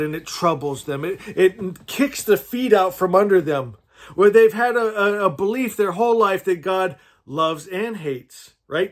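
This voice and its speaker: A man's voice: high voice, fairly bright tone. A man giving an informal, earnest sermon, rambling through personal stories with frequent restarts and asides to his listeners. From California, USA. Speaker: spiritual teacher.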